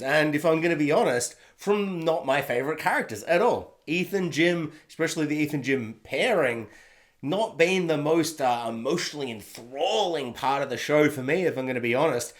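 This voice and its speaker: A man reviewing a TV episode at home, rambling casually and laughing often at himself. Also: on the high side. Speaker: TV review vlogger. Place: home room. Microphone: own camera setup.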